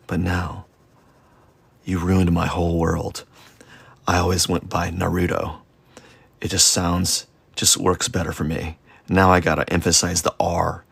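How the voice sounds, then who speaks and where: A man's voice: deep voice, monotone, measured pace, creaky, pauses often, fairly bright tone, breathy edge, no room sound. A man chatting casually during a live drawing stream, rambling and self-deprecating, with lots of fillers and false starts. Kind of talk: casual rambling chat while sketching.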